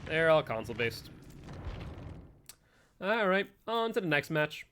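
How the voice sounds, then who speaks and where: Male game streamer, crisp forward tone, casual running commentary. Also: fairly high pitch, sing-song, measured pace, a bit bright, a little hiss or hum. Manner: chatty, musing aloud to chat and players. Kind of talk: gameplay commentary.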